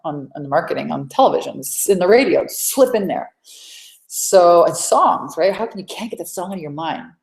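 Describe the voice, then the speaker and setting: A woman's voice: deep voice, gravelly. A woman hosting a live coaching webinar from home, chatty and rambling with lots of restarts. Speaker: sales coach and webinar host. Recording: echoey room.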